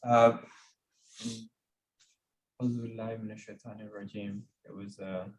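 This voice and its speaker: A man's voice: on the low side, level tone, racing, rough recording. Hesitant male student reciting. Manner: hesitant, quiet, with many fillers. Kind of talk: reciting for correction in class.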